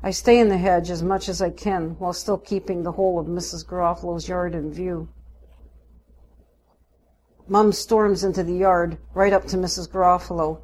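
A woman narrating a first-person story in a steady, unhurried way. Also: fairly low pitch.

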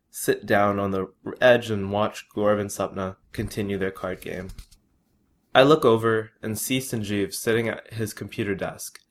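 A man reading his own first-person story aloud in a measured, plain way. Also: fairly low pitch.

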